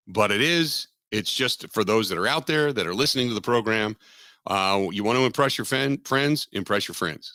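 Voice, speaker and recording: A man's voice: lowish voice, sharp tone, no room sound, clean studio sound. A man from Southwestern Ohio hosting a sports radio show, rambling in casual chat and repeating himself with self-deprecating asides. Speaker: radio sports talk host. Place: radio studio.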